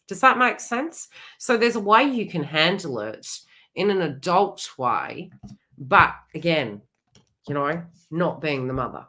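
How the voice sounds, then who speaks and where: Hosting a live psychic reading, this middle-aged medium talks in a chatty, frank, no-nonsense way and swears mildly now and then. She speaks low and unhurried, animated, with a sharp edge to her tone.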